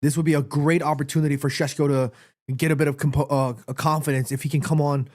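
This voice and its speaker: A man commentating live on a football match for his stream, reacting excitedly and shouting at players. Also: on the high side, no room sound, studio quality. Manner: repeats himself, quick restarts. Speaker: watchalong streamer.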